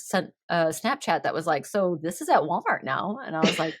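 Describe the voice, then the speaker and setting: A giggly woman hosts a relaxed chat, her voice sitting a little low. She laughs often between sentences. The sound is close and dry. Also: normal speed, hardly any pauses, husky, no room sound. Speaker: podcast host. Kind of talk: casual chat.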